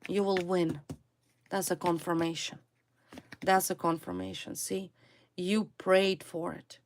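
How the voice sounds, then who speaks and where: Woman doing a tarot reading, slow and deliberate, kinda low voice, keeps repeating words for emphasis. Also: steady tone, vocal fry, slight background noise. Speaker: tarot reader. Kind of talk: tarot reading addressed to viewers.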